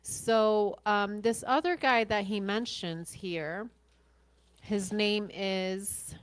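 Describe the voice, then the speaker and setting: Blunt, slow-talking woman podcast host. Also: mid-range voice, clean tone. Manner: blunt, sarcastic, swears freely. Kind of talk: commentary over interview clips.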